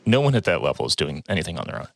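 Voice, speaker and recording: A man's voice: sits low, big pitch swings, racing, no room sound, studio quality. A man hosting a podcast, guiding the conversation with joking, casual remarks. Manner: joking, conversational, leads the topic. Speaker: podcast host.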